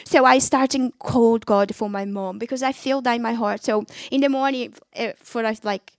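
A woman's voice: a little high, steady tone, moderate pace, dry recording, clean studio sound. A woman giving an emotional personal faith testimony, talking animatedly in conversational English with non-native phrasing.

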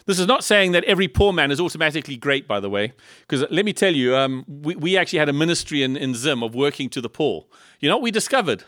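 A man from Africa, preaching a sermon in a lively style full of rhetorical questions and humorous asides. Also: a little high, fast talker, no room sound, studio quality. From South Africa. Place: church in Liverpool.

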